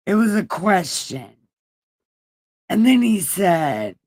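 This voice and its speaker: A woman reads the Bible aloud in a slow, unhurried drawl, breaking off into profane slang paraphrase. She chats to her livestream viewers between verses, loose and casual rather than reverent. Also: medium pitch, lively intonation, warm tone. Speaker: livestream host reading scripture. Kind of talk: irreverent casual scripture reading.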